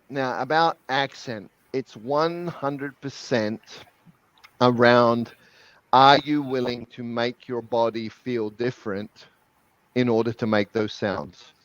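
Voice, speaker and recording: Energetic man explaining on a dry call. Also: medium pitch, no room sound, muffled recording. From New Zealand. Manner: energetic, repeats words as he explains. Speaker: guest language expert. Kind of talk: webinar interview, explaining.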